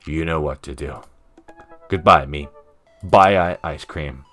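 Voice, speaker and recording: A man with an extremely low, fairly bright voice slowly reads a dating game's dialogue aloud on stream, adding playful asides that poke fun at himself. Faint music sits behind him.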